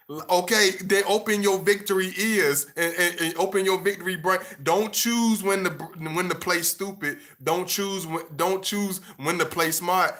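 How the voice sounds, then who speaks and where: A man's voice: high voice, normal speed, hardly any pauses, bright, forceful tone. A young man lecturing his viewers bluntly and passionately, stumbling over repeated words as he pushes his point. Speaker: vlogger giving relationship advice. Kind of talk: casual monologue to camera.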